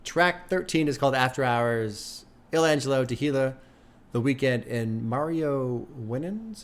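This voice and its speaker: A man's voice: medium pitch, lively intonation, unhurried, slight background noise. An older man hosting an album reaction, thinking aloud in a loose, conversational way and swearing casually. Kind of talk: casual music reaction commentary. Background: music playing faintly.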